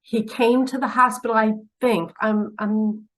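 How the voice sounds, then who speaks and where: Woman spiritual teacher addressing camera; theatrical, unhurried, hushed asides and pointed questions. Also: a little high, steady tone, poor audio. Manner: dramatic, swinging from loud urging to hushed asides; preachy, asks the listener pointed questions. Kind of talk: direct-to-camera spiritual talk.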